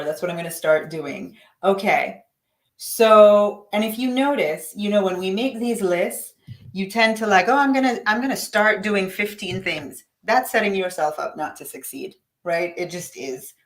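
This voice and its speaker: An upbeat, encouraging woman coaches a live online audience in a chatty way and greets viewers by name as they join. Her voice sits in a middle range and carries a noticeable roomy echo. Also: mid-range voice. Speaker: livestream coach. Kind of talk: live-stream coaching talk.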